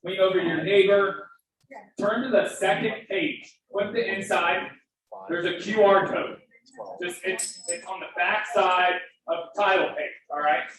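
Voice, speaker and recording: A man with a high, slightly bright voice speaks a little slowly as he delivers a fervent, emphatic fundraising appeal in an event hall, at times breaking into emotion. The audio is distant and very echoey, with faint background noise.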